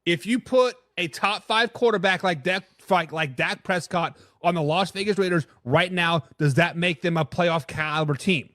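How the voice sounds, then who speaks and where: A man's voice: sits high, moderate pace, few pauses, no echo, clean studio sound. A man hosting a live sports talk stream, giving blunt opinions and answering viewers in the chat, sometimes tripping over his words. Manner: stumbles and repeats words when excited. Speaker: sports talk show host.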